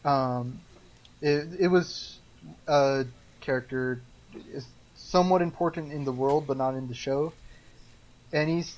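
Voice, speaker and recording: A man with a fairly high voice chats on a podcast mic, rambling through his stories. He stops and restarts often, fills gaps with ums and breaks into laughter. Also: a little slow, long pauses, a little mellow, low-quality recording. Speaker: podcast co-host. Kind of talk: casual chat.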